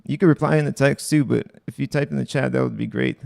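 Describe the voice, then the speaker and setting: A man's voice: mid-range voice, fairly even intonation, fast talker, gravelly, a little mellow, dry recording, studio quality. A young man hosting a casual livestream, reading online posts aloud and commenting bluntly with profanity. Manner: blunt, profane, offhand asides.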